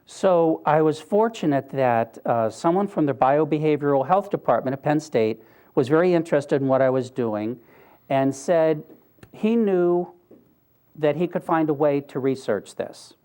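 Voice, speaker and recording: A man's voice: on the high side, lively intonation, measured pace, mellow, clean tone. An older man giving an earnest, conversational talk, telling a personal story with wry asides. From Pennsylvania, US. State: briefly choked up. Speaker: speaker.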